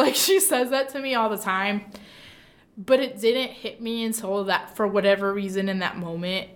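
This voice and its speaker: A woman's voice: a little high, moderate pace. Chatty young Midwestern woman telling a story. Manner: chatty, lots of "like", animated retelling. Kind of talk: casual storytelling.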